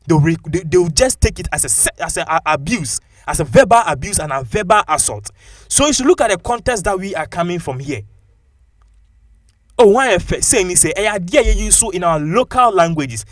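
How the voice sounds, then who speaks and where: A man with a Ghanaian English accent giving animated, opinionated commentary and mixing local-language phrases into his English. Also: high voice, brisk, no echo, studio quality.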